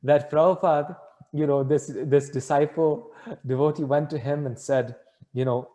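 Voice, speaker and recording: A man's voice: on the high side, steady tone, moderate pace, mellow. A man answering a question with an earnest, rambling story that corrects itself as he goes. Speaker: spiritual speaker answering a question.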